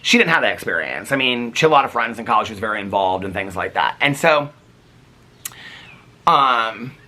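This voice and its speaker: A middle-aged man vlogging at home in casual chat, excitable and chatty, breaking off now and then to talk about animals in the yard. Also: fairly low pitch, brisk.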